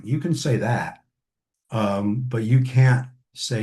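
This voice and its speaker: Man, therapy trainer, mellow low voice, conversational lecture, lots of ums. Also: slow. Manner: conversational, many ums and restarts.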